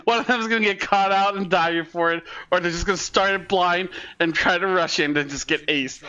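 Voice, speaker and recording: A man streaming a watch party, reacting to a live esports match with loud swearing, constant "dude," and yelling at big plays. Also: high-pitched, fairly quick, muffled recording.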